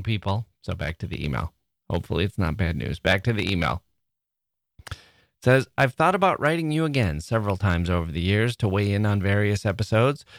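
A man hosting a podcast, reading listener mail in a chatty, playful way, often laughing and getting excited. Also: lowish voice, no echo, studio quality. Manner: emotional, excitable. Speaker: podcast host. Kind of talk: reading listener mail aloud, casual monologue.

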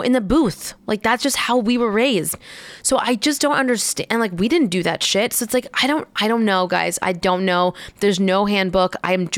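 Chatty young mom, smooth dry voice. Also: female voice, medium pitch, dry recording. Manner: chatty, rambling with many fillers. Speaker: parent talking to viewers. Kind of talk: casual chat.

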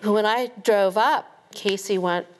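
A middle-aged woman, a guest on a TV interview, recounting events haltingly with many restarts. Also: mid-range voice.

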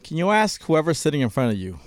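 A man working as a radio producer, telling a story in an animated way and laughing easily. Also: on the high side, fast talker, dry recording, studio quality. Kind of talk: casual radio talk. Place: radio studio.

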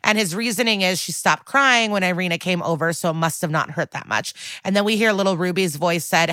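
A woman's voice: on the low side, brisk, hardly any pauses, pushed and bright, dry recording. A woman co-hosting a podcast, chatting casually through an episode recap. She swears freely and laughs often. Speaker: podcast co-host.

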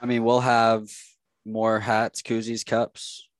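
A young man, a sports reporter, telling stories in a casual chat, animated and laughing often. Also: fairly low pitch, takes it slowly, no room sound.

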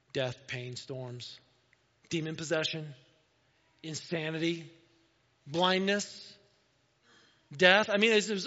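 A man preaching a sermon, retelling a gospel story in a casual, conversational way and often dropping to a soft, hushed voice. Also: a little high. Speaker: pastor. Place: church sanctuary. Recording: dull, lo-fi church recording with long hall reverb.

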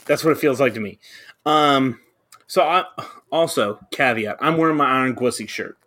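Young adult male podcast co-host, mid-pitched, loose and profane, rambling storyteller. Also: normal speed, sharp tone. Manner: rambling anecdote-telling, heavy on fillers and swearing. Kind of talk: casual chat.

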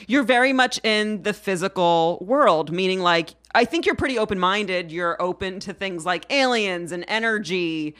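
Animated woman chatting as a guest. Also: medium pitch, normal speed, few pauses. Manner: animated, playful, slips into mock-formal voice. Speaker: podcast guest. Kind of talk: casual podcast chat.

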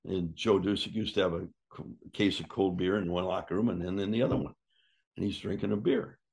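A man's voice: low voice, brisk, creaky, breathy edge. An older man, a former wrestler, casually telling a story, acting out what people said and swearing freely. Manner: lively yarn-spinner who acts out quotes and swears freely.

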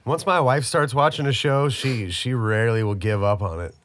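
A man's voice: medium pitch, normal speed, a bit bright, a little hiss or hum. A married man co-hosting a casual chat, rambling and laughing as he talks, swearing now and then. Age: adult, married. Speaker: podcast co-host.

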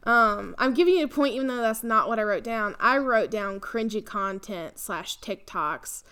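A young woman chats casually as a podcast co-host. Her voice sits a little high. She rambles, leans on fillers, and laughs often. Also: moderate pace, bright, forceful tone, slight background noise. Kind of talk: casual chat.

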